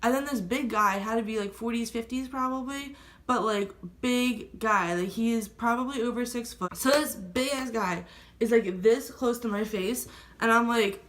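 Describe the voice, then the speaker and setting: A woman's voice: fairly high pitch, normal speed, fairly bright tone. A young woman vlogger telling a story in a rambling, casual way, filling nearly every phrase with "like". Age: young adult. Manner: rambling, filler-heavy with constant "like".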